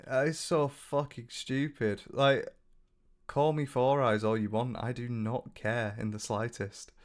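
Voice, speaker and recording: A man's voice: mid-range voice, flat delivery, measured pace. A young British man giving casual reaction commentary, blunt and sweary, mocking his subject and reading viewer comments aloud. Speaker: commentary YouTuber.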